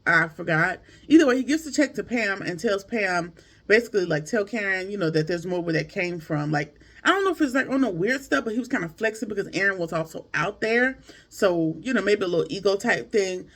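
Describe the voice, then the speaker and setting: A man casually recapping a TV episode to his viewers, chatty and animated, with slangy asides and jokes. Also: high voice, brisk. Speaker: TV show reviewer.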